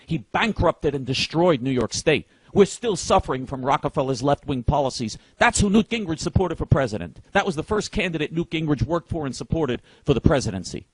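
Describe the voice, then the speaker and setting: A man's voice: on the high side, expressive, brisk, hardly any pauses, breathy edge, no echo. A man delivering a heated political rant, indignant and emphatic, stumbling over repeated words as he pushes on. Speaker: political commentator.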